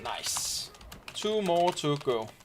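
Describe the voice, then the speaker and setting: A man's voice: on the high side, extremely slow, background noise. A man with a Danish accent, a Danish speaker, leading a game raid and chatting casually while he plays. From Denmark. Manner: relaxed, chatty, thinking aloud. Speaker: raid commander. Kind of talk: casual gameplay commentary.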